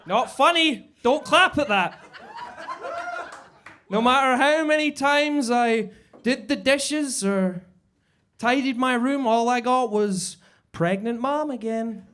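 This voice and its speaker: A man doing a live stand-up act in a basement comedy club, theatrical and exasperated, yelling now and then. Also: extremely high pitch, slow pace, pauses often, a little hiss or hum.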